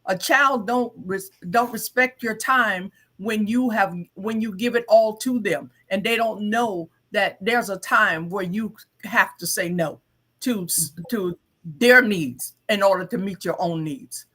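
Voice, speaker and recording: A co-host on an advice show, giving earnest, halting counsel with frequent restarts and fillers. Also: mid-range voice, sharp tone. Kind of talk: counseling talk.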